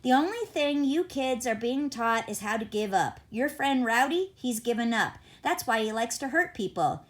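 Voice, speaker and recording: An earnest schoolteacher pleads with a student in an urgent, driven voice, as a woman reader lends him her fairly high tone. The delivery is the plain voice of an audiobook reading, not a heavy character voice. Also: lively intonation, moderate pace, natural voice. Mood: furious. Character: earnest adult male schoolteacher, intense.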